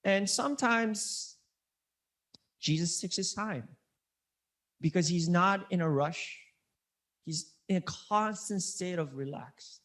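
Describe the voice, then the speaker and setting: A male pastor preaches a sermon earnestly and conversationally, often repeating key words for emphasis and restarting his sentences a lot. His voice is a little high with a fairly bright tone.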